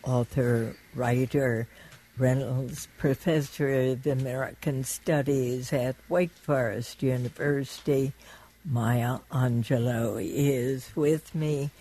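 A radio interview host introducing a guest and leading into questions in a calm way. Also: medium pitch, low-quality recording. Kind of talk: interview hosting.

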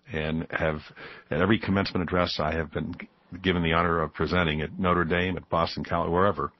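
Low husky guy in his 50s from buffalo, guest on a radio show, tells stories with lots of laughs, dry dull studio sound. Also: no room sound. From Buffalo, New York. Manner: animated storyteller who laughs easily. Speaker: guest author. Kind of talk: radio interview storytelling. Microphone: studio microphone.

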